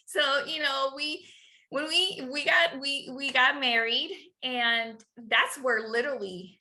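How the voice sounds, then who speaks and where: A woman's voice: high-pitched, fairly even intonation, slow pace, bright, forceful tone. A middle-aged woman from Nicaragua, a guest entrepreneur, telling her personal story in an interview, laughing often and acting out dialogue.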